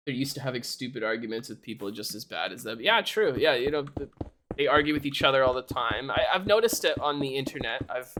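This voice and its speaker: Animated ranting young male streamer. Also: medium pitch, fairly quick, slight background noise. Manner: animated ranting, laughs often. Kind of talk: casual chat.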